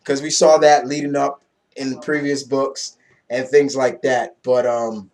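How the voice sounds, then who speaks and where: A young man giving a casual, excitable comic book review, loose and swearing freely. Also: mid-range voice, a little slow.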